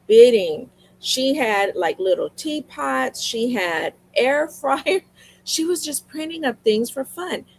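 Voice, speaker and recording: A woman's voice: sits high, lively intonation, slow pace, poor audio. A woman chatting casually on her live sales stream, telling stories to her viewers and repeating lines for emphasis. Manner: talks straight to viewers. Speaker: livestream seller. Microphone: streaming mic.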